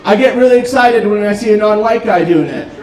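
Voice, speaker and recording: High-voiced deadpan stand-up comedian. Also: male voice, a little fast. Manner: deadpan dark jokes with filler ums. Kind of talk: stand-up set. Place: restaurant comedy stage. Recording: roomy club, distant mic, crowd noise. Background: audience laughter.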